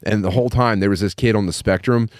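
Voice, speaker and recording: Man, lowish voice, dry close sound, casual podcast chat, self-deprecating, crude storyteller. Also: steady tone, fast, dry recording. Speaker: podcast co-host.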